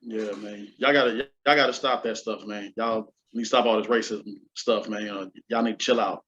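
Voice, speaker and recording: A man co-hosting a podcast, talking in an animated, joking way. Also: on the low side, moderate pace, a little hiss or hum. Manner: animated, joking, laughs often. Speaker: podcast co-host. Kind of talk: casual chat. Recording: muffled lo-fi mic.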